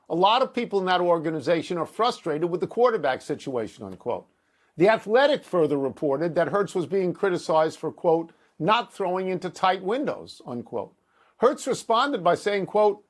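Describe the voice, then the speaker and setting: An older man co-hosting a sports talk show, sardonic and dry, reading out quotes and posing questions. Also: sits high.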